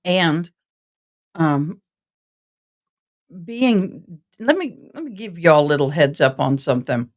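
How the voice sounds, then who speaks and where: A woman's voice: low-pitched, expressive, slow, pauses often, lo-fi sound. A woman hosting a casual live stream about a trial, chatting with viewers in a rambling, passionate, direct way. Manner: self-described passionate and direct.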